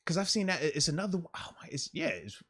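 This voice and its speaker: A man co-hosting a casual sports podcast, playful and animated, laughing often as he talks. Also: a little high, quick pace, slightly rough, dry recording, studio quality. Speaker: podcast co-host.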